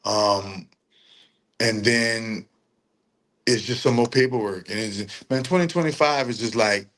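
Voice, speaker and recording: The voice belongs to a man, lowish and a bit bright, who is running a livestream. His talk is casual and full of slang, with laughter and long, teasing repetitions.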